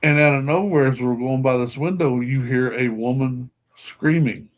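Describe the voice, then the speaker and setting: Older man, a guest telling an animated story, mid-range voice, slightly dull recording. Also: mid-range voice, moderate pace. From Kentucky, USA. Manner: animated storyteller, laughs often, acts out quotes. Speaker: podcast guest, paranormal investigator. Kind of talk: storytelling anecdote in casual chat.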